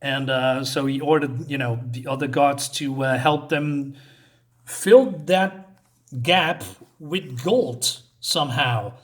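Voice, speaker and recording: A man's voice: mid-range voice, slow pace. A man casually retelling a comic book story in a hesitant way, with many fillers and restarts.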